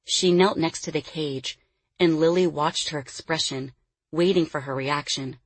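A woman reads a novel aloud, her voice low in pitch with a husky grain. She narrates in a measured, expressive way. The recording is close and dry with no room sound. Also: no room sound. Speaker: audiobook narrator. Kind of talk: scripted narration.

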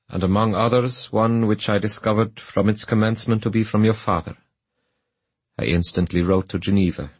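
A man reading as a grave, gentle old magistrate. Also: low-pitched, slightly rough, no echo. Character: kindly older male magistrate, grave and gentle.

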